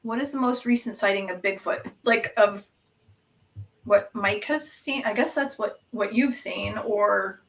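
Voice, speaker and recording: A woman co-hosting a talk show, chatty and animated as she tells stories. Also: medium pitch, measured pace, creaky, distant mic, low-quality recording. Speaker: co-host. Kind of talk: casual conversation.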